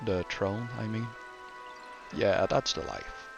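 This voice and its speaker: A man with a French-Canadian accent talks through his game world in an unhurried, low voice. He rambles casually and often corrects himself mid-sentence, and soft music plays faintly behind him. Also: creaky, highs cut off. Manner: relaxed, rambling, self-correcting. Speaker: streamer. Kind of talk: casual game walkthrough commentary.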